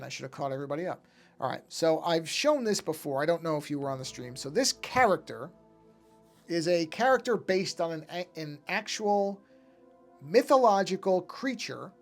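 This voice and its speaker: A man chatting casually to his live-stream chat while drawing, rambling and often breaking off to fix something. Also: fairly high pitch. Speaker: art streamer.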